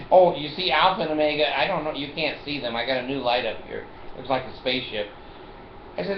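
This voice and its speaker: A man's voice: medium pitch, fast talker, slight background noise. An older man in a casual monologue to the camera, rambling and joking and laughing often. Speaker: vlogger. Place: at home in a chair. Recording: roomy, dull home recording.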